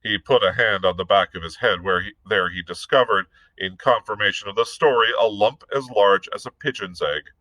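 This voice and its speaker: Bright-voiced male librarian reading aloud. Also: on the low side, normal speed, few pauses, no echo, rough recording. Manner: steady narration with occasional small slips. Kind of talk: read-aloud storytelling.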